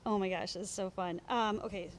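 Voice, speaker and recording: A woman's voice: medium pitch, steady tone, fairly quick, a crowd in the background. A woman co-hosting a podcast in casual chat, playful and teasing. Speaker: podcast co-host.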